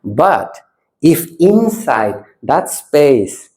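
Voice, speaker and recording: A man, a Buddhist monk, gives a retreat talk in simple non-native English, often tagging his sentences with a questioning "ne?". He is playful and animated, jumping high and loud when he gets excited, then sinking into slow, soft stillness. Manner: animated, playful, swings from lively to hushed. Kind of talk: dharma talk with audience exercises.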